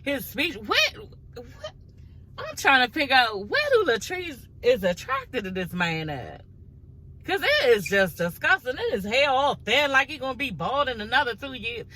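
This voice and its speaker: Bright-voiced blunt gossiping woman. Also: a little high, sing-song, moderate pace, rough recording. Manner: blunt, profane, talks straight to viewers. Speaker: reality TV recap vlogger. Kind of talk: casual gossip recap.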